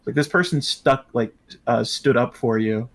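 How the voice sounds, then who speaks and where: A man's voice: medium pitch, moderate pace. A man in casual livestream chat, making sarcastic, joking asides.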